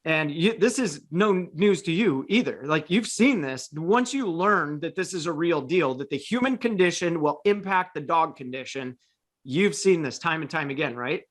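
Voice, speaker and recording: A man's voice: on the high side, lively intonation, normal speed. Rambling man telling dog stories. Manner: rambling with many restarts and fillers. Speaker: podcast host and dog trainer. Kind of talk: casual storytelling chat.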